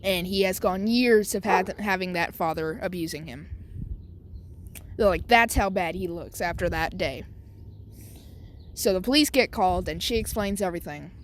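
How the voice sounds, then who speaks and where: A woman's voice: on the low side, moderate pace, pauses often, slight background noise. A woman casually making up and narrating a fan story, rambling with lots of fillers and restarts.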